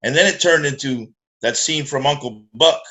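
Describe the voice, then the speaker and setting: A middle-aged man telling a profane, animated story in casual chat and acting out the voices of the people in it. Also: medium pitch, normal speed. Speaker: guest musician.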